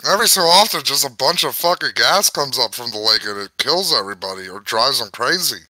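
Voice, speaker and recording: Bright-voiced man reading with exasperation. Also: mid-range voice, animated, a little fast, no echo, poor audio. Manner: stumbling, exasperated, swearing. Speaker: podcast host reading a book aloud. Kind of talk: casual reading with banter.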